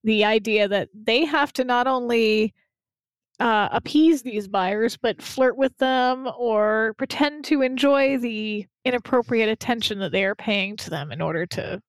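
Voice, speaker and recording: A woman with a high voice co-hosts a casual podcast, speaking bluntly and giving her opinions freely. She laughs often between points. The recording is dry and close. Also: measured pace, clear, resonant tone, no echo. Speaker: podcast co-host. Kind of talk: casual chat.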